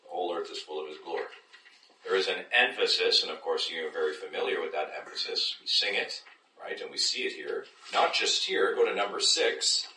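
Man, very deep, bright edge, Bible class teacher, keeps checking in with the room, echoey room, distant mic. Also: fairly quick, slight background noise. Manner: engaging, checks in with listeners often.

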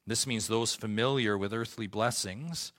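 A man with a fairly low voice delivers a sermon, reading scripture aloud and explaining it to his congregation. He pushes up into loud, emphatic peaks, then falls back to quiet, soft lines. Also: measured pace, a little hiss or hum. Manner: preaching with rising emphatic peaks and soft lows. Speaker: pastor.

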